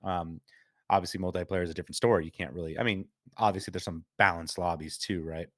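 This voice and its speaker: A man's voice: low-pitched, fairly even intonation, fast talker, a bit bright, dry recording, studio quality. A man hosting a casual podcast chat, laughing often and reading out viewer comments. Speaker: podcast host.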